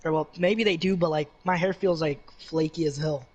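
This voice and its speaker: A teenage boy co-hosting a podcast in casual chat over a voice call, joking and excitable and swearing casually. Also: fairly high pitch, moderate pace, highs cut off. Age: teens. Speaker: podcast co-host.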